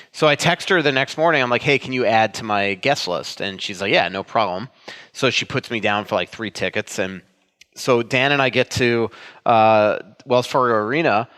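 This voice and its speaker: A man from Florida tells a rambling, lively anecdote as a podcast co-host. His pitch sits mid-range for a man. The sound hangs in a long, reverberant hall. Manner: meandering, animated anecdote-telling. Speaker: sports writer and co-host. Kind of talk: casual podcast chat.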